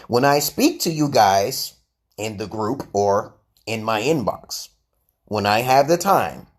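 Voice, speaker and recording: Husky man rambling on a live stream. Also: mid-range voice, a little mellow. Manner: rambling, self-assured lecturing. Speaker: livestream host. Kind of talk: casual live-stream talk.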